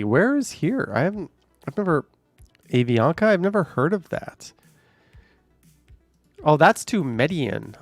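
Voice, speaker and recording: Recorded dry with no room sound, a medium-pitched man rambles on his walking live-stream. He reads viewer comments out loud and chats loosely, dropping plenty of fillers.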